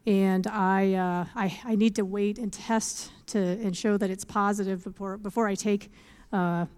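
A woman's voice: mid-range voice, fairly even intonation, a little slow, darkish tone, smooth. A woman giving an earnest faith testimony, telling her story with laughs and scripture quotes. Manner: laughs often. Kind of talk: testimony talk.

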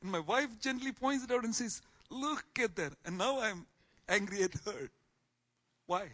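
A man teaching a Bible class in sermon style, swinging from soft asides to loud exclamations. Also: high-pitched, lively intonation, moderate pace.

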